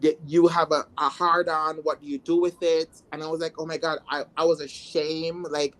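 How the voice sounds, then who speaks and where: A trans woman from Jamaica telling her life story in casual talk, animated and acting out her past thoughts with exclamations. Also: sits low, normal speed.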